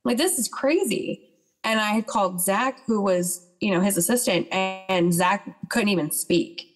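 A woman guest on a casual podcast, speaking at a middle pitch. She tells her story in a chatty, conversational way, acting out bits of dialogue as she goes. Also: fairly even intonation, moderate pace, soft background music. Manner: chatty, retells events with quoted dialogue.

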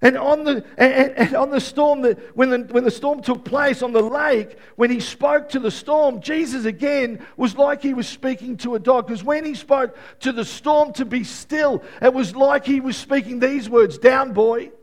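A male pastor with a high voice delivers a sermon to a gathered church. He rises into loud, excited exclaiming and then sinks to a hushed, prayerful tone as he leads the room. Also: normal speed, hardly any pauses. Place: church with live congregation.

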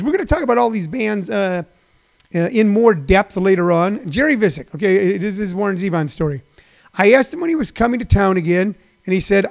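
A comedian in his sixties hosts his own daily online show in a gravelly voice that sits high. His livestream monologue rambles and repeats itself with many fillers, in a folksy, encouraging way.

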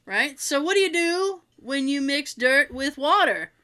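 A woman with a high, bright voice tells a story in a relaxed conversation. Her pitch swings widely and she takes her time, laughing easily between lines. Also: a little slow. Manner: animated, laughs often while telling a story. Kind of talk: casual storytelling chat.

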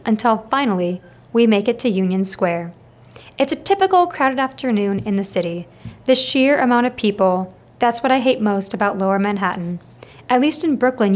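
A woman narrating a novel in first person, steady and expressive, as an audiobook reader. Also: fairly high pitch.

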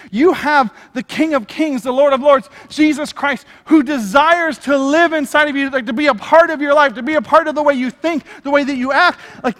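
A man preaching a sermon with energetic, conversational delivery and casual slang. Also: very high voice. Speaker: pastor. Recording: long hall reverb.

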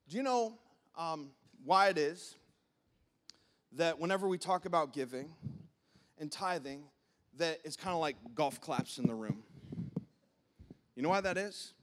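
A man in his thirties delivering a sermon from the pulpit. His voice sits high for a man, and he preaches with animated energy. He keeps slipping into short acted-out quotes of God and everyday churchgoers. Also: normal speed, long pauses. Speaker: pastor.

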